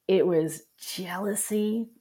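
A woman's voice: medium pitch, slow, dark tone, husky. A middle-aged woman guest telling a personal story candidly and with feeling, laughing at times as she recalls it. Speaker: guest, writer.

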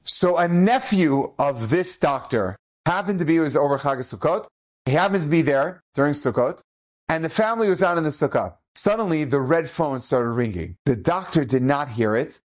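Animated male rabbi telling a story. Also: fairly high pitch, moderate pace. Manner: animated, acts out the characters. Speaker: rabbi and educator. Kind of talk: inspirational storytelling.

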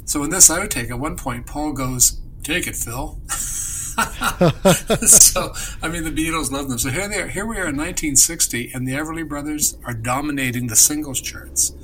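A man from Canada co-hosting a casual chat about music history, enthusiastic and quick to laugh. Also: on the high side, sharp tone, slight background noise, rough recording. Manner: enthusiastic, storytelling, laughs often. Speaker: co-host.

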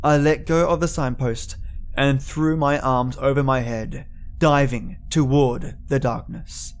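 A man narrating a first-person story for a podcast in a steady, deliberate reading voice. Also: mid-range voice.

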